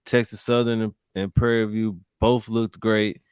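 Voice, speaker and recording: A man on a sports podcast giving measured, thoughtful commentary on a team's season. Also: fairly low pitch, flat delivery, a little mellow, clean tone, no echo, studio quality. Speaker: guest or co-host. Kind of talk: casual sports chat.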